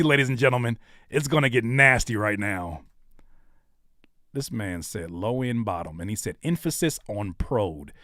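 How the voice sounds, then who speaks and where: A man in his thirties, a rapper and YouTuber, reacting to comments in an animated comedic rant, mocking and teasing with sudden loud outbursts. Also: mid-range voice, normal speed, dry recording, studio quality.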